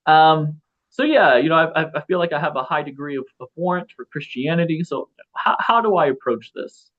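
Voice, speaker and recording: A man's voice: fairly high pitch, lively intonation, fairly quick. A man in his thirties, a philosopher guest in a casual interview, talking in a rambling way with many restarts and fillers. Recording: slightly dull lo-fi audio.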